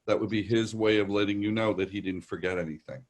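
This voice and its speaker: Psychic medium, man, New York accent, lowish voice, loose rambling reassurance. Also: steady tone, fast talker. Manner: rambling, reassuring, relays messages in quotes. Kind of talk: live virtual show readings.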